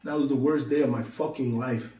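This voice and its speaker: A young man tells a long personal story in loose, slangy talk, acting out what he and his friend said to each other. His voice is mellow and dark rather than bright. The recording sounds roomy, with him sitting a little back from the mic. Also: medium pitch, steady tone, brisk, distant mic. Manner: loose slangy storytelling, acts out both sides of conversations. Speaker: vlogger telling a story. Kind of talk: casual storytelling to camera.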